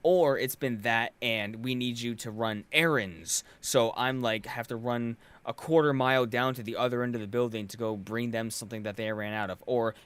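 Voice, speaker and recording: A man's voice: medium pitch, a little fast, hardly any pauses, no room sound. A young man hosting a podcast, telling a long exasperated story with sardonic asides and frequent swearing, worn out from work. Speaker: podcast host. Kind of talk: casual podcast rant.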